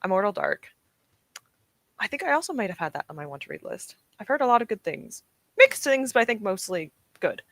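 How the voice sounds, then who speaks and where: A woman's voice: mid-range voice, big pitch swings, brisk, fairly bright tone, a little hiss or hum. A young woman streaming from home, chatting casually and encouragingly with her live chat, often laughing. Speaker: streamer hosting reading sprints.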